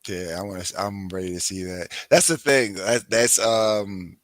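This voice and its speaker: A man's voice: fairly low pitch, steady tone, moderate pace, no room sound. A man co-hosting a podcast, chatting and joking about wrestling matches with lots of "like" and "you know.". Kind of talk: casual chat about wrestling.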